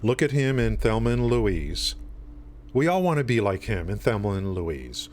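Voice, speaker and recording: A man's voice: on the low side, sing-song, normal speed, a little mellow, slight background noise. A man hosting a live game stream, chatting loosely with his viewers, rambling with many restarts and fillers. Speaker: livestream host. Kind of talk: casual chat with stream chat.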